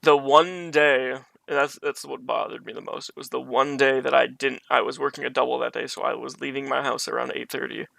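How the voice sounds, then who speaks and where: Gravelly, flat-voiced man telling a story. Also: mid-range voice, a little fast, hardly any pauses, no room sound. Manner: rambling, conversational retelling with restarts. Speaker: streamer. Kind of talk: casual storytelling on a live stream. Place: his bedroom at home.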